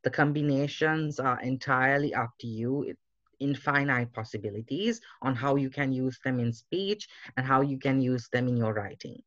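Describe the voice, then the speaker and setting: A man teaching English in an online class, explaining slowly and reassuringly, with halting fillers over a video call. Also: mid-range voice, fairly bright tone, no echo. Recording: muffled video-call audio.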